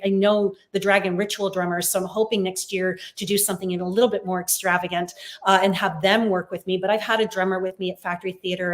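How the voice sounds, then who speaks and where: Chatty woman on a video call. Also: medium pitch. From Canada. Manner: chatty, warm storytelling with many fillers. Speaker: psychic medium guest. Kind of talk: casual video-call interview.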